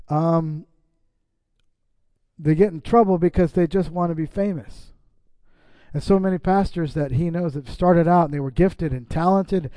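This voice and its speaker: A man's voice: a little high, warm tone, no room sound. A middle-aged man preaching a sermon as pastor, reading scripture and breaking off into casual asides to the congregation.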